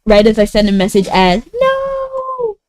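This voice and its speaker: A woman's voice: mid-range voice, lively intonation, moderate pace, a little mellow, poor audio. A woman streaming a game, chatting casually and giggling as she answers her chat. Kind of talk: casual live-stream chat while gaming.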